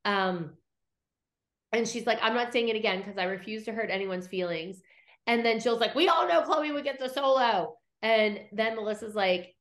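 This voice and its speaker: A woman's voice: fairly high pitch, normal speed. A woman co-hosting a podcast, telling a story with animation, acting out what others said and swearing now and then. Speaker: podcast co-host. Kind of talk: casual recap chat.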